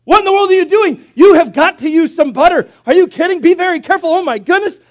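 A man's voice: animated, fast. A male preacher acting out a frantic nagging husband, shrieking panicked orders in a joke. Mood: frantic scolding. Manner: shrill, panicky scolding. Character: frantic nagging husband, middle-aged man.

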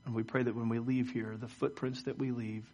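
A man's voice: medium pitch, little pitch movement, a little fast, darkish tone, a little hiss or hum. A middle-aged pastor gives a sermon to his church. He speaks in a mid-range voice and often stumbles over repeated words. He moves between telling stories and leading a prayer. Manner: storytelling with frequent stammered word repeats. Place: church service.

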